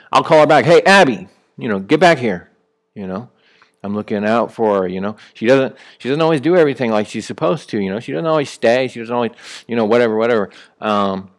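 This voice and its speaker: A man with a fairly low voice delivers a sermon in a relaxed, conversational way. He talks like he is chatting with his congregation, full of ums, uhs and restarted phrases. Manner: conversational preaching with many fillers and restarts; rises sharply when acting out calling someone back. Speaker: pastor.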